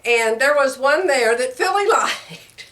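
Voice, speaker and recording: A woman's voice: sits high, lively intonation, takes it slowly, a bit bright, recorded from a distance. An older woman chatting casually in a home sewing vlog, rambling along and laughing often. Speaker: sewing vlogger. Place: home room. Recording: roomy sound from away from the mic.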